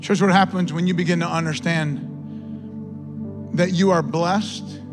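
A man's voice: fairly high pitch, fairly even intonation, a little slow, big-room sound, over music. A male pastor preaching a sermon, impassioned, with repetition and rising exclamations.

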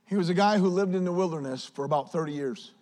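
A man preaching a sermon as pastor, praying and then telling stories in a lively, conversational way. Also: high voice, fast. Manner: animated, conversational preaching with storytelling. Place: church sanctuary.

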